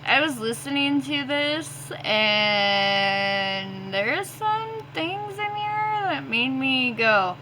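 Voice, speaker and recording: A woman book vlogger ranting casually about her reading, swearing often and filling pauses with ums. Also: high-pitched, big pitch swings, pushed and bright, slight background noise, poor audio.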